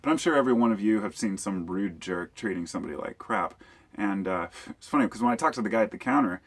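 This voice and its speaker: A man with a husky, somewhat low voice tells a long story to his camera. He rambles and restarts, acting out the other people's lines with sudden jumps in loudness. It sounds like casual vlog storytelling. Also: fast. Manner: rambling, animated retelling with quoted dialogue. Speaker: YouTuber.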